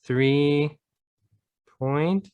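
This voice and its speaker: Slow, patient American man teaching math. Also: a little high, clean tone, narrow, tinny audio. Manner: patient, encouraging, thinks aloud step by step. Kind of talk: online tutoring lesson.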